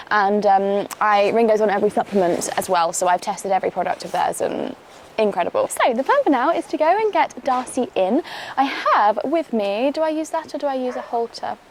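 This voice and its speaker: Chatty high-voiced woman vlogging. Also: darkish tone, a little hiss or hum. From England. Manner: chatty and upbeat, with frequent laughs; high sing-song calls to horses. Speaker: equestrian vlogger. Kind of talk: casual vlog chat. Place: outdoors at a windy field.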